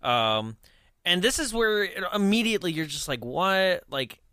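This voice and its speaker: A man's voice: high voice, very animated, normal speed, sharp tone, no room sound, studio quality. A man co-hosting a casual movie-review chat, joking and laughing often. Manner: laughs often, jokey and teasing. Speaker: podcast co-host.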